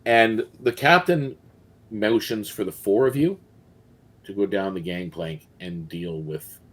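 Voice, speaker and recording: A man runs a tabletop game as game master, talking slowly and low. He pauses often and fills gaps with ums as he narrates. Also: fairly bright tone. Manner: unhurried, hesitant, many ums.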